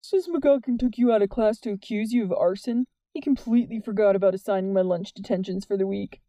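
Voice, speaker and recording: A woman reading the part of an earnest, worried teenage boy who talks softly and sincerely in an audiobook. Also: medium pitch, a little fast, dry recording, close to an everyday voice. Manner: soft, plain and sincere.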